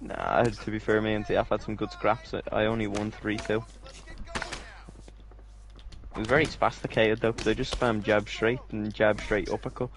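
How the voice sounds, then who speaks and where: A man's voice: lowish voice, steady tone, fairly quick, few pauses. A young man swearing and teasing a friend while they play a fighting game together. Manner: sweary, teasing, says mate constantly. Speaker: gamer. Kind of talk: casual gaming banter.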